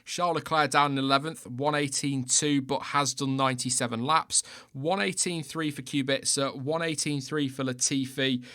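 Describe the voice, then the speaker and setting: A man's voice: medium pitch, steady tone, normal speed, few pauses, bright, forceful tone. A man in his thirties hosting a casual live stream, reading out timing data and chatting with a co-host, often laughing at himself. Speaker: podcast host. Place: home setup, no footage.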